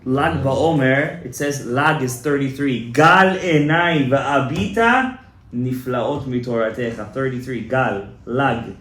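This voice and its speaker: Delivering a lively Torah lecture before a live audience, this rabbi speaks slowly in a medium-pitched male voice. He is emphatic and exhorting, his words swelling into loud, passionate urging, heard in an echoey room with faint room noise.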